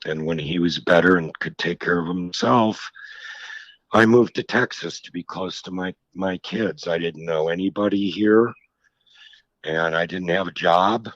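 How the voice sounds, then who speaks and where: A middle-aged man speaks slowly in a low, deep voice, recounting his life frankly and reflectively, often restarting his sentences. The sound is dry and a bit dull, like lo-fi audio. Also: a bit bright, no room sound. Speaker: author guest. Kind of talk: candid interview conversation.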